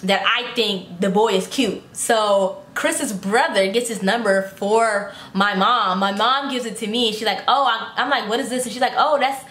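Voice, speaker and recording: A young adult woman telling a casual storytime vlog, animated, acting out quotes in high voices and swearing freely. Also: moderate pace, hardly any pauses. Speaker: vlogger. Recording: echoey room, faint background noise.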